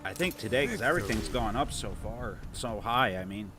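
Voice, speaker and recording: A man with a Toledo, Ohio twang hosts a relaxed gameplay stream in a low-pitched voice. He rambles easily and reads out comments from viewers, with faint music playing underneath. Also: brisk. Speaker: livestream host. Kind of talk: casual gameplay livestream chat.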